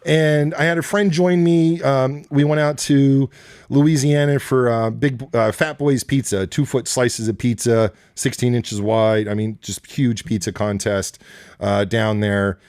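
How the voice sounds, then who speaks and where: A man's voice: mid-range voice, measured pace, clear, resonant tone, no room sound. A man telling rambling, profane road-trip stories as a podcast guest in a basement studio. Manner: rambling, profane, animated storytelling. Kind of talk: casual storytelling.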